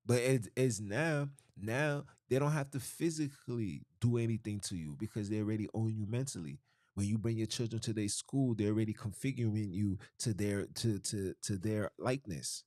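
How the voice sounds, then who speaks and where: In a dry, studio-quality recording, a man with a fairly low, darkish voice delivers a podcast monologue. As host, he's preachy and emphatic, repeating himself often and restarting phrases.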